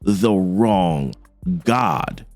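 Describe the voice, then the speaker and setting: A man voicing a stern, resolute male king from a comic, speaking slowly and deliberately. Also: deep voice, animated, darkish tone, dry recording, faint music behind, pitched below the performer's own voice, exaggerated voice. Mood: grave.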